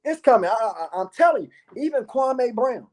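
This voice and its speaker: A man's voice: very high voice, lively intonation, normal speed, a little mellow. Brash, swearing man hyping up his channel. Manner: boastful, repetitive, swears a lot. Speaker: YouTube commentator. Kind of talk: profane hyped-up monologue to viewers.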